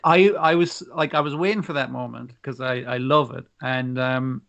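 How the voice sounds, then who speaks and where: A man co-hosting a podcast, discussing an anime episode in a relaxed, amused way, with plenty of ums and small pauses. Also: medium pitch, vocal fry, muffled recording. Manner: relaxed, amused, hesitant with fillers. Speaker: podcast co-host. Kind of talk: casual anime recap chat.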